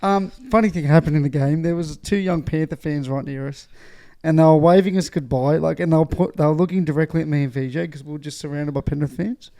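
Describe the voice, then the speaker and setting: A man co-hosting a relaxed podcast, his voice a little higher than most men's and soft, warm in tone. He laughs a lot and tells his stories as banter, swearing freely and acting out what people said. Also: quick pace, hardly any pauses. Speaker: podcast co-host. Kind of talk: casual chat.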